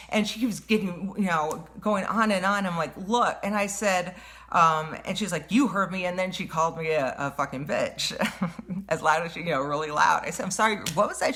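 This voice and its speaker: Lowish-voiced woman ranting through a story, lots of um and you know, sharp-tongued. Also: moderate pace, slight background noise. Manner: rambling, animated retelling with many fillers and restarts; says she has a wicked tongue. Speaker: vlogger. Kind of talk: casual storytelling.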